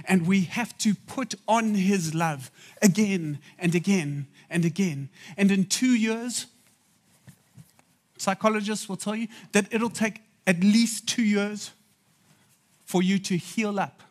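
A man preaching a sermon in a conversational way, making asides to the audience. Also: high-pitched.

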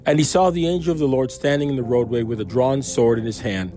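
A man reads scripture in a mellow, darker voice, then drifts into relaxed, rambling commentary full of restarts. He sounds like he is thinking out loud. Faint music plays softly behind him. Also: medium pitch, quick pace. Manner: musing, chatty asides, frequent restarts and chuckles. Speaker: Bible reader and commentator. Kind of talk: casual Bible reading with commentary.

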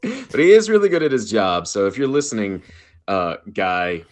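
A man's voice: on the low side, huge pitch swings, normal speed. A man guesting on a podcast, talking casually, swearing freely, laughing and stumbling over restarts. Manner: profane, laughing, stammers and restarts often. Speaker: podcast guest, film festival organizer.

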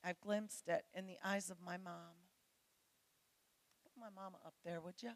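A woman's voice: lowish voice, steady tone, normal speed. A middle-aged woman preaching a sermon to women, earnest and pleading as she speaks straight to her listeners.

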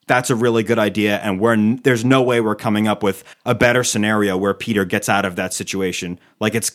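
A man's voice: on the low side, steady tone, brisk, a bit bright. A man on a podcast panel, rambling enthusiastically in casual chat. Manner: enthusiastic, rambling fan talk.

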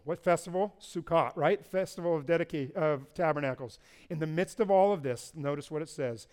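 A man preaching a sermon as a pastor. He swings between loud proclamations and quiet asides and asks the congregation questions. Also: fairly high pitch, moderate pace.

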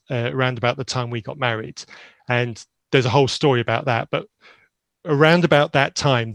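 A man around fifty, raised in Zambia, candidly and earnestly telling his own story of faith and doubt, often halting and restarting. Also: mid-range voice, a bit bright, dry recording. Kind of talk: reflective personal storytelling.

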